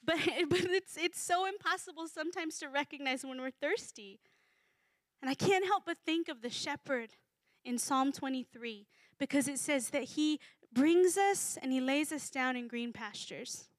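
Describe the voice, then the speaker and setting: High-voiced woman preaching conversationally. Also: normal speed, no room sound. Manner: conversational, animated, acts out voices in quotes. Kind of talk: sermon.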